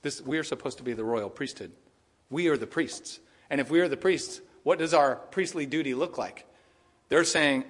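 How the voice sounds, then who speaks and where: A man preaching a sermon in a church, rising loud for rebukes and dropping quiet to mock excuses. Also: mid-range voice, moderate pace, in a large hall. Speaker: pastor. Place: church sanctuary.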